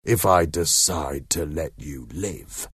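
Aggressive convict, husky and menacing; man doing the voice in a storybook reading. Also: a bass voice, takes it slowly, fairly bright tone, dry recording, studio quality, voice pushed down, exaggerated voice. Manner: aggressive, threatening. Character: menacing, hungry escaped male convict.

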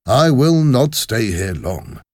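A man's voice: mid-range voice, huge pitch swings, slow pace, darkish tone, no room sound, clean studio sound, pitched above the performer's own voice, exaggerated voice. A man voicing an anxious, protective older male banker in a storybook reading. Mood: worried. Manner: worried, fussy.

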